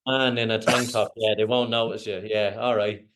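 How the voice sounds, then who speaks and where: A man's voice: lowish voice, level tone, a little fast, a bit bright. An Irish man co-hosting a podcast, ribbing his friend in casual banter. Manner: teasing banter. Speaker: podcast co-host. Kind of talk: casual chat.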